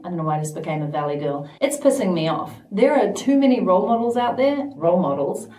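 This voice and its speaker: In a home studio, a woman who works as a vlogger and business coach speaks straight to camera, emphatic and playful and now and then putting on mock voices. Her medium-pitched voice is expressive and a little mellow, moving at a moderate pace with hardly any pauses. The room is echoey and the mic sits at a distance.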